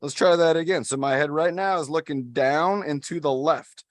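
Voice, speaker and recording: A man's voice: fairly high pitch, moderate pace, no room sound, studio quality. Upbeat man leading a workout. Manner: upbeat, encouraging, counts down holds. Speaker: adaptive fitness instructor. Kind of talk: guided workout instruction.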